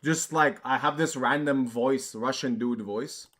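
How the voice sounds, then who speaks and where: A poker streamer chatting casually on a live stream, thinking out loud and joking at his own expense. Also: mid-range voice, a little slow. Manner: chatty, self-mocking, thinks out loud with restarts.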